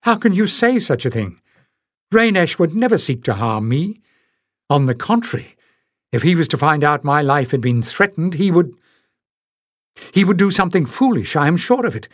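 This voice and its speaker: A man's voice: medium pitch, moderate pace, no room sound, studio quality, close to an everyday voice. A man reading aloud, voicing a brave and earnest young woman in a storybook. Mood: distressed.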